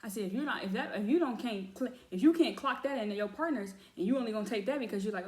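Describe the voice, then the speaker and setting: A woman's voice: fairly high pitch, lively intonation, fast talker, hardly any pauses, a little mellow, echoey room. A woman giving a casual oracle card reading, talking chattily and calling her viewers y'all. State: has cramps. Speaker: tarot reader.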